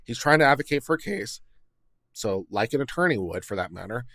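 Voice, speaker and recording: A man's voice: mid-range voice, sing-song, brisk, a bit bright, no echo, studio quality. A man, an attorney, hosting a livestream and talking casually, full of fillers and restarts as he hedges and explains. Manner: conversational, hedging, many fillers and restarts.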